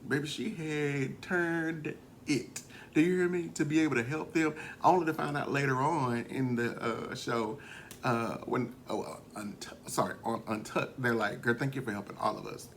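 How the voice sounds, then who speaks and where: A man giving a casual, gossipy recap of a reality show, animated and quick to laugh as he tells it. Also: mid-range voice, a little hiss or hum. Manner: gossipy and animated, often laughing, slips into quoting.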